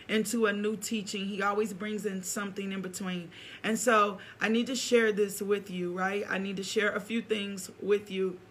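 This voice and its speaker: A woman's voice: mid-range voice, sharp tone. A woman preacher praying and teaching with fervent, repetitive, emotional delivery. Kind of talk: prayer and sermon teaching.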